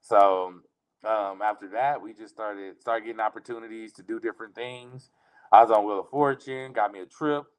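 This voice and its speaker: A middle-aged man, a comedian guest, telling casual funny stories with lots of laughter and sudden jumps into high mock voices. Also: fairly even intonation, normal speed, clear, resonant tone.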